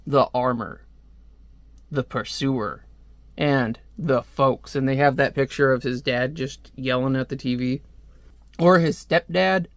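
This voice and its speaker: Young male comic reviewer, slightly high voice, rambling and chatty, dry close recording. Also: no room sound. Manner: rambling, chatty asides with frequent fillers. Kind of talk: casual comic book review.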